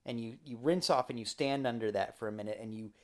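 A man's voice: mid-range voice, fast. Male podcast co-host, loose and playful, rambles through casual banter. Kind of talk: casual chat.

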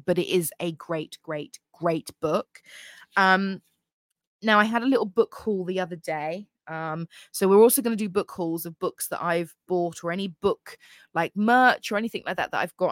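Woman, young adult, podcast host, casual chat, excitable, many fillers, lowish pitch, dry recording. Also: dry recording. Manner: gushing, chatty, frequent fillers.

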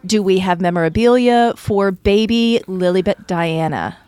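A woman co-hosting a casual podcast, reacting quickly and enthusiastically. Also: mid-range voice, darkish tone, clean tone, dry recording. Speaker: podcast co-host. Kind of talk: casual chat. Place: Nashville.

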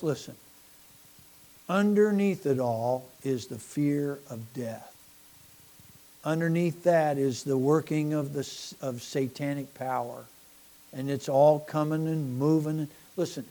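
Middle-aged male preacher, mellow and slightly high, rambling and self-deprecating, stammers on repeats. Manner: rambling, self-deprecating, repeats words, swings from quiet to loud. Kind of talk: folksy sermon.

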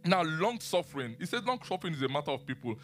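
Preacher guy giving a sermon, high voice, lively, asks the crowd stuff, faint music behind. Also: quick pace. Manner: animated, questions the audience, laughs often. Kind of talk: sermon, Bible teaching.

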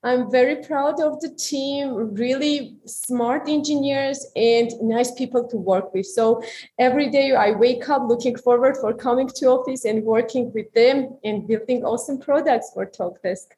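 Woman, Armenian accent, thirties, slightly high voice, casual interview guest, faint noise behind. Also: warm tone. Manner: friendly, slightly halting non-native phrasing. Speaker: guest, engineering manager.

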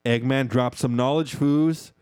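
A man hosting a podcast, recapping a movie in loose, profane chat and acting out lines in quick asides. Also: medium pitch, steady tone, a little mellow, clean tone, no echo, clean studio sound. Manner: profane, keeps calling listeners "foos", acts out movie dialogue in quick asides. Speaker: podcast host.

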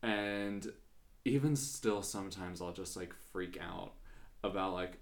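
A man's voice: on the low side, steady tone, moderate pace, a bit bright. A young man hosting a podcast, talking casually and full of "like" fillers. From Kentucky, United States. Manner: chatty, many "like" fillers. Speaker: podcast host.

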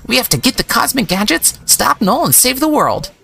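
A man voicing an eager, excitable young male dog hero, reading game dialogue aloud. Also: extremely high pitch, moderate pace, vocal fry, breathy edge, voice pushed up, exaggerated voice. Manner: earnest, excitable.

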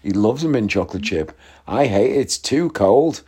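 A man's voice: on the low side, animated, moderate pace, mellow. A young man, hosting a podcast and telling a story in casual chat, joking and laughing as he goes. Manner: chatty, jokey, laughs at his own stories. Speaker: podcast host.

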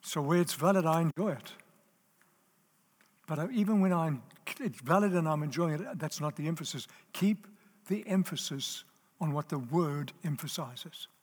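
A man's voice: on the high side, moderate pace, husky. A man preaching a sermon to a live audience. He talks emphatically, repeats his key phrases and checks whether the listeners are still with him. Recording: long reverb of a large hall.

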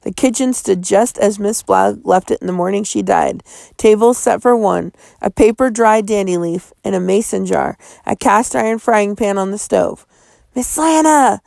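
A woman's voice: mid-range voice, normal speed, gravelly, darkish tone, dry recording. A woman reading a children's novel aloud, with a tense, suspenseful delivery. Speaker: audiobook narrator. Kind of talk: storybook reading.

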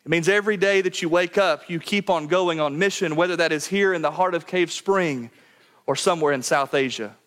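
A man preaching a sermon to his church, earnest and direct, often dropping to a quiet low voice to drive a point home. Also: fairly quick. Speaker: pastor. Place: church sanctuary.

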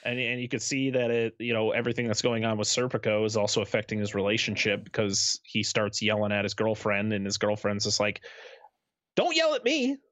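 A man's voice: lowish voice, completely flat delivery, brisk, hardly any pauses, fairly bright tone, no room sound. A man as a podcast guest, chatting casually and agreeably, thinking aloud. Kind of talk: casual chat. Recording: dull lo-fi sound.

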